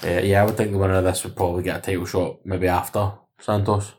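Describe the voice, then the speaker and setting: A man's voice: sits low, flat delivery, fast, a little mellow. A man in casual sports chat, chatty and keen, co-hosting a podcast. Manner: chatty, keen, quotes records. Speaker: podcast co-host.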